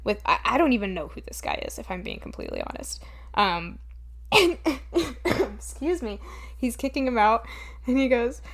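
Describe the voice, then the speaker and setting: A woman with a slightly high voice co-hosts a casual podcast while jet-lagged. She tells movie scenes in an animated, giggly way, jumping into quotes. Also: normal speed, vocal fry. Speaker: podcast co-host. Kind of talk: casual podcast chat about a bad movie.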